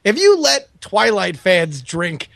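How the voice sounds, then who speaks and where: High-voiced man chatting eagerly on a podcast. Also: huge pitch swings, slow, creaky, fairly bright tone, no room sound, studio quality. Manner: eager, interjecting and rephrasing. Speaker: podcast co-host. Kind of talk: casual comedic chat.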